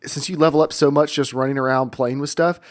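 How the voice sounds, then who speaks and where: An American man hosting a casual gaming podcast, chatting in an animated way. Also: medium pitch, quick pace. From United States. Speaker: podcast host.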